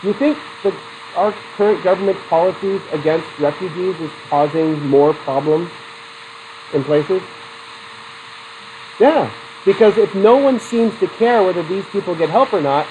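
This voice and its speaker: A man's voice: high voice, animated, a little slow, long pauses, darkish tone, a little hiss or hum, rough recording. A man teaching a psychology class in a chatty, digressive way, laughing often and putting questions to his students. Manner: laughs often between points. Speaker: psychology instructor. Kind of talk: classroom lecture.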